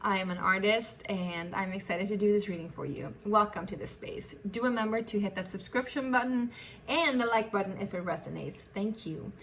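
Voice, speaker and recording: Woman, tarot reader, warm chatty delivery, affectionate, faint hiss behind. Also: medium pitch, moderate pace. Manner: chatty, affectionate, laughs often, restarts phrases. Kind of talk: casual tarot reading to camera.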